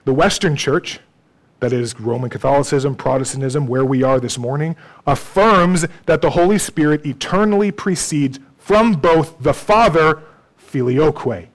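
A man's voice: on the high side, lively intonation, moderate pace, poor audio. A man preaching a sermon in a conversational way, often checking in with his congregation and using dry, self-deprecating humor. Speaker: pastor.

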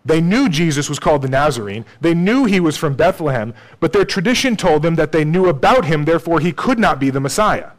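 Brief: male preacher, casual sermon delivery, slightly high pitch, keeps asking "right?". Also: lively intonation, fairly quick, few pauses. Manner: conversational, peppers points with "okay?" and "right?".

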